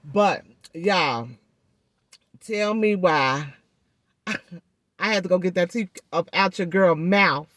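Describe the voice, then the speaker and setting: A woman's voice: fairly low pitch, slow pace, long pauses, a bit bright, no room sound. Chatty woman talking with a swollen jaw. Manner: chatty, addresses viewers often with "y'all" and "baby". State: speech thickened by a swollen jaw and gauze in her mouth. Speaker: vlogger. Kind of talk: casual vlog chat.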